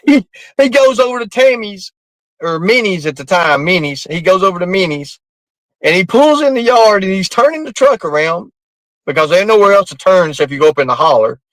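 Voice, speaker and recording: A man tells a long, rambling story in a high, lively voice. He laughs through it and curses freely. The sound is dry and close, with no room around him. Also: a little fast, no room sound, rough recording. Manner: rambling, laughing through the tale, coarse language. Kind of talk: casual spoken storytelling.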